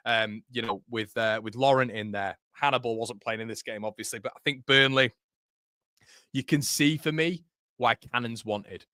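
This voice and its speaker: A young football channel host runs a live match watchalong, chatting casually, reading out viewer comments, and often repeating words and restarting. His medium-pitched voice is bright and forward, recorded dry and close with no echo. After hours of streaming, he sounds tired.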